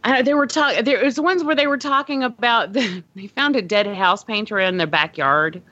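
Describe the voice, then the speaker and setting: A woman's voice: a little high, expressive, normal speed, sharp tone. A woman hosting a podcast in casual chat, rambling with many fillers and frequent swearing. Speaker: podcast host. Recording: dull lo-fi dry audio.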